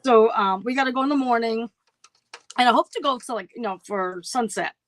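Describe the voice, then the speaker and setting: A woman's voice: a little high, fairly quick, fairly bright tone. A middle-aged woman telling a story on a casual livestream chat, acting out her own past voices. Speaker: co-host.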